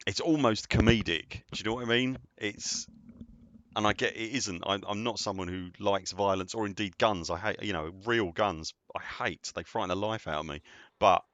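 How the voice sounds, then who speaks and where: A man's voice: lowish voice, fairly even intonation, moderate pace, a bit bright, no echo. A man casually chatting while live-streaming a game, rambling and answering viewers as he plays.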